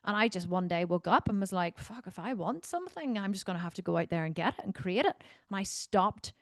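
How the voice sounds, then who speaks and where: A Northern Irish woman coaching members on a video call, talking bluntly and with plenty of swearing, dropping into low asides and then bursting out loudly. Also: fast talker, dry recording, studio quality. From Northern Ireland. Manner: blunt and profane, animated, swinging between low asides and loud outbursts. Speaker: fitness coach answering member questions. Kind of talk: casual Q&A on a group video call. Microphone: video call microphone.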